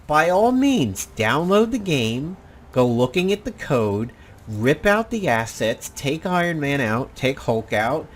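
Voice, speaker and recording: A man's voice: a little high, a little hiss or hum. A man hosting casual gameplay commentary, rambling and blunt, with the odd swear. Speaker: gaming channel host.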